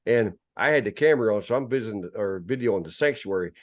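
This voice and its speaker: A man's voice: animated, fast. A man, co-hosting a podcast, telling family stories in casual chat and teasing his brother. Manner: teasing, imitates family in higher voice. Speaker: podcast co-host.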